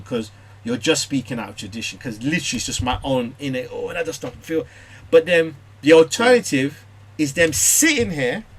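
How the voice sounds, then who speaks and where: Animated British dad in group chat. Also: male voice, medium pitch. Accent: British English. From England. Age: adult parent. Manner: animated storyteller, acts out his children's voices. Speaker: Bible study participant. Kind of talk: casual group discussion.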